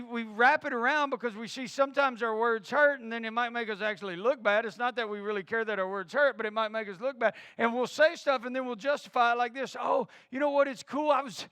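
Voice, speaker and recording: A man's voice: very high voice, bright, forceful tone, clean tone, dry recording. A middle-aged man preaching a sermon as a pastor, who drives his point home with repeated rhetorical questions.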